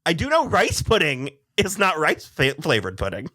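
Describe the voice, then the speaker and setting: A man's voice: fairly high pitch, huge pitch swings, moderate pace, sharp tone. A man co-hosting a TV recap podcast, chatting casually, rambling, trailing off mid-sentence and laughing often. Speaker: podcast co-host.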